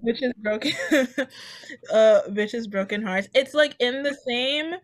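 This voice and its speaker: A woman's voice: a little high, slow, dry recording. Rambling young woman in a dry room. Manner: rambling, searching for words. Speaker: podcast co-host. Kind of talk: casual chat.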